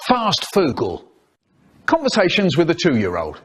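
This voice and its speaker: A man's voice: fairly high pitch, wildly swooping pitch, moderate pace, fairly bright tone, breathy edge. A man telling a rambling comic story in a parody birthday collab, jumping into character voices. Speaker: narrator.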